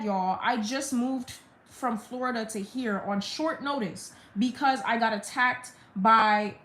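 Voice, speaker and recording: A woman's voice: a little high, a bit bright. A young woman on a live stream, venting a blunt, profane storytime rant about her family. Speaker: livestreamer. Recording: roomy echo.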